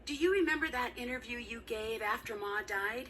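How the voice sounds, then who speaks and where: A woman's voice: on the high side, fairly quick, far from the mic, a crowd in the background, close to an everyday voice. A woman playing an eager young detective. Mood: earnest. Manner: polite, earnest and upbeat. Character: eager young female detective, undercover intern. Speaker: game character.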